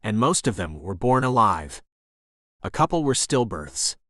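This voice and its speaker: A man's voice: on the low side, sing-song, unhurried, a bit bright, no echo. A man voicing a pushy, chatty woman caller in a romance audiobook, rambling and boastful in a dry close recording. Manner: rambling, boastful, talks over others. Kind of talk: audiobook narration.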